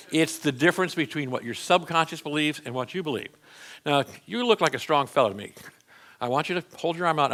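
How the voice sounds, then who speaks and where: A man's voice: a little high, bright, forceful tone. A middle-aged man, a minister, teaching a live lesson to a church audience in a conversational, plain-spoken way with frequent restarts.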